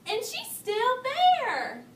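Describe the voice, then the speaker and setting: A woman voicing an excitable young bear cub, whiny and eager, in a storybook reading. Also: very high-pitched, very slow, distant mic, slight background noise, voice pushed up, full character voice. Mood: excited. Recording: echoey room, voice from off-mic.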